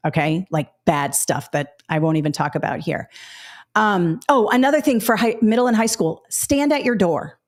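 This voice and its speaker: A middle-aged woman hosting a live teaching webinar, talking directly and casually with frequent fillers. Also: mid-range voice. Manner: chatty, direct, many fillers and asides. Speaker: education webinar host.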